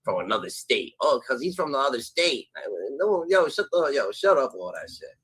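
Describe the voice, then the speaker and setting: A young man streaming a live reaction, talking loud and mocking, cursing and repeating catchphrases. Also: medium pitch, sing-song, moderate pace, breathy edge, low-quality recording. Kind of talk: animated live reaction commentary.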